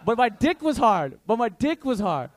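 High-voiced, slangy young male comedian. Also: moderate pace. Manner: crude, slangy, animated storytelling. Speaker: stand-up comedian. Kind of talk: stand-up comedy. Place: comedy club stage.

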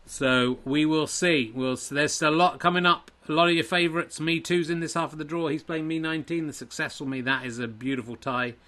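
Brief: male comic commentator, excitable and sweary, pitched a little high, mocks himself. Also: fairly quick, few pauses. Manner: excitable, sweary, self-mocking. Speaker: host and commentator of a home snooker tournament.

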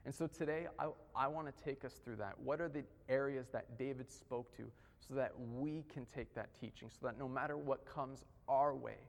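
Gravelly-voiced man preaching in a hall. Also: medium pitch, moderate pace, hardly any pauses. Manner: relaxed, conversational preaching with slang asides. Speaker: guest preacher. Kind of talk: casual sermon. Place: church sanctuary. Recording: long reverb of a church hall.

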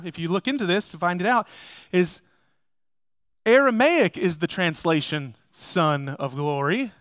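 A man's voice: sits high, fairly bright tone, clean tone, dry recording. Emphatic male pastor, dry close sound. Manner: emphatic, addresses the congregation directly. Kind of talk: sermon.

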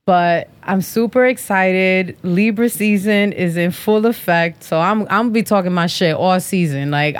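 A woman's voice: medium pitch, dry recording. A woman in her thirties hosting a podcast, talking bluntly and profanely in casual chat and sponsor reads. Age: 30s. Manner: blunt, profane, sassy trash talk. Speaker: podcast host.

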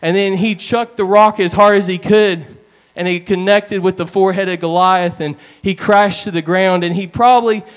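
A man delivers a sermon in a fairly high, smooth and clear voice. He tells his stories in an earnest, plain way, sometimes slowing down for weight. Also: steady tone. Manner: earnest storytelling with plain retellings. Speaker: preacher.

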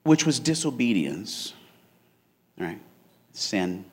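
A man preaching a sermon in a church, energetic and joking, whooping with excitement and stumbling into restarts. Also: fairly low pitch, slow pace. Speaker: pastor. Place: church auditorium.

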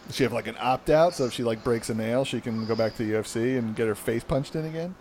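A man's voice: medium pitch, quick pace, darkish tone, a little hiss or hum. A young man with a New Jersey accent, hosting a podcast in casual, rambling chat, laughing often and swearing freely. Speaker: podcast host.

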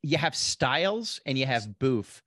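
A comedian from Pennsylvania, USA co-hosts a podcast in casual chat, easygoing and agreeable, frequently restarting his sentences. His mid-range voice is very animated, fairly bright, and a little slow. The studio-quality recording has no echo.

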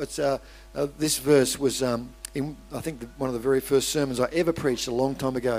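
An Australian pastor delivers a sermon in a relaxed, conversational manner. His voice sits a little higher than most men's. He often restarts his sentences and breaks off into asides to the congregation.

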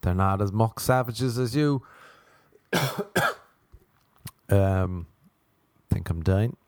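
Rambling, swearing podcast host. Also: male voice, lowish voice, slow pace, darkish tone, no room sound. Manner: rambling, swearing, jumps between silly impressions. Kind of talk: rambling comic podcast chat.

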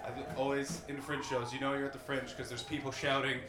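A Canadian man doing loud, swearing stand-up crowd work as the host of a live podcast show. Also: mid-range voice, completely flat delivery, brisk, music in the background. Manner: loud, swearing, riffing with the audience. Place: small live comedy venue. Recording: roomy live room, distant mic, audience. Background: audience laughter.

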